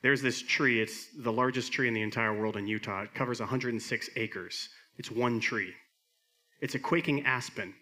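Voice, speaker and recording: A middle-aged man delivers a sermon to his church in an earnest pastor's voice. His pitch sits in the middle range. He climbs to emphatic high points and then falls back to quiet, soft lines. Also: moderate pace.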